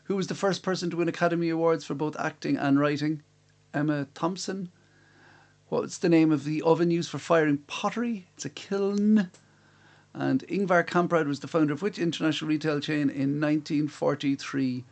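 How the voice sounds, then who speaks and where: A man's voice: a little high, fairly even intonation, moderate pace, darkish tone. A man hosting a live-streamed quiz from home, reading out questions and answers with chatty, self-mocking asides. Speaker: quiz host. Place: room at home.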